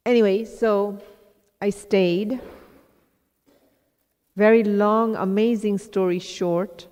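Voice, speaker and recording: Woman from India, spiritual teacher, slow storytelling, mellow tone, long hall reverb. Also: medium pitch, fairly even intonation. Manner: reflective, self-mocking, quotes herself in asides. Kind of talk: storytelling talk to a live audience.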